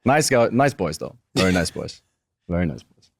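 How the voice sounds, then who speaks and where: A man's voice: low voice, normal speed, gravelly, breathy edge, no room sound. A young man from Germany with a light German accent, chatting casually and easily as an interview guest. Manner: relaxed, chatty, frequent restarts. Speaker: guest, professional wrestler.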